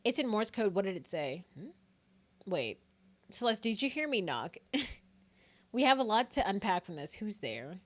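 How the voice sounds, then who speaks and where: A woman's voice: medium pitch, very animated, normal speed, long pauses. A woman streaming a game live, chatting playfully with her viewers, laughing, swearing and bantering.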